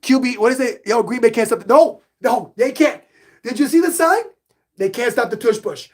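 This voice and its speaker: Excitable man hosting a live sports stream. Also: very high voice, normal speed. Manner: animated, hypes himself up, reads chat questions aloud. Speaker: podcast host reading live chat.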